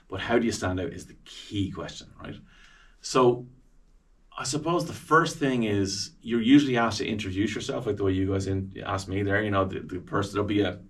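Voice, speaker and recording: Heard from some distance, an Irish radio presenter with a fairly low voice chats animatedly as a guest on a podcast about interviewing celebrities. He's talkative and lively, and he acts out the voices of people he quotes.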